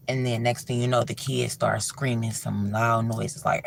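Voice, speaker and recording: A livestream host telling a horror story in loose, colloquial talk, full of fillers, dropping low and soft for suspense. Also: little pitch movement, moderate pace, vocal fry, hardly any pauses, slight background noise. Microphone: livestream mic.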